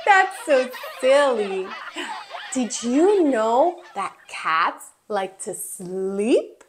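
A woman's voice: on the high side, very animated, extremely slow, a little hiss or hum. A woman teaching toddlers first words in a playful, exaggerated sing-song voice, with gasps and animal sounds.

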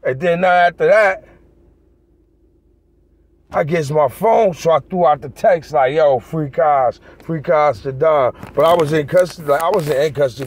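A man's voice: a little high, dry recording. A man vlogging in a heated, profane rant aimed straight at his viewers. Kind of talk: ranting monologue to camera.

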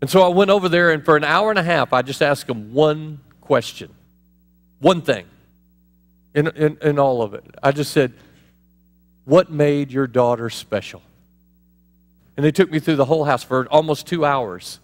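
Male pastor, animated and chatty, preaching in a reverberant church hall. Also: fairly high pitch, normal speed. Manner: animated, conversational preaching with laughs and asides. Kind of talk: sermon.

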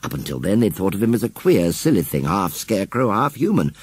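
A man reading a children's storybook aloud as narrator, telling it expressively and sinking softly for hushed moments. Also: deep voice, very animated, fairly quick, husky, no echo. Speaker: audiobook narrator.

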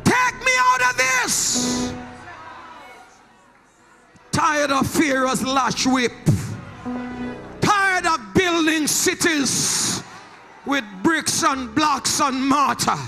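A man preaching a shouted sermon, chanting and calling out to the congregation, at times speaking in tongues, in a church. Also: very high-pitched, lively intonation, extremely slow, gravelly, pauses often. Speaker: pastor. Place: church sanctuary. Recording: preaching over loud church music.

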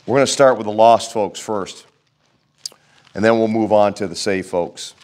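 A man's voice: fairly low pitch, normal speed, a little mellow. A man preaching a sermon in a folksy, conversational way, with jokes and asides, reading scripture aloud and praying. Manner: reads scripture aloud and prays. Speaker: pastor.

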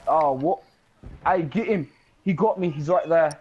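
A man's voice: a little high, a little slow, lo-fi sound. Joking gamer man on a noisy mic. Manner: joking banter with mock exclamations, shouting during fights. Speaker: online multiplayer gamer. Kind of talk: casual gaming chat with teammates.

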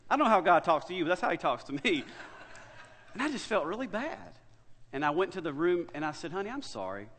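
A man preaching a sermon, telling a story with big swings between loud and hushed delivery. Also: high-pitched, lively intonation, fairly quick, long reverb tail, slight background noise. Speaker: pastor. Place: church sanctuary.

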